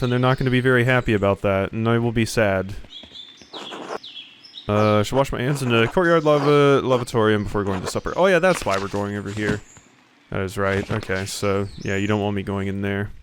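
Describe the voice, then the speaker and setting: A young man playing a game, reading its dialogue aloud and adding sarcastic commentary with sudden loud outbursts. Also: on the low side. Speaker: let's play commentator.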